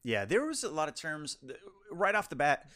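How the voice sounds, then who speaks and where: A man's voice: fairly high pitch, sing-song, normal speed, sharp tone. A man co-hosting a podcast, chatting casually about a film and often restarting his sentences. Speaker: podcast co-host. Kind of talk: casual film review chat.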